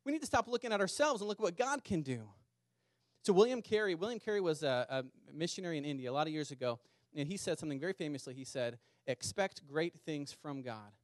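A man preaching a sermon to a small church congregation, earnest, repeating words and slowing down to stress key lines. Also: on the high side, expressive, no room sound, studio quality. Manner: earnest, repeats words, speeds up and slows for emphasis. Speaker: pastor. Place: small church meeting in a community center.

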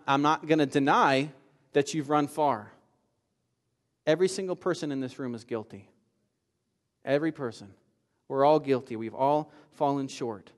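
Earnest preacher man in a reverberant hall. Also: a little high. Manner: earnest, builds from soft pleading to fervent emphasis. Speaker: pastor. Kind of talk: sermon.

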